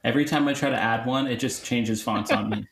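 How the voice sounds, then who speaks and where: A man's voice: mid-range voice, steady tone, a little fast, gravelly. A man co-hosting a comedic podcast, dropping dry quips. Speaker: podcast co-host. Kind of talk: casual comedic podcast chat. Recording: roomy echo.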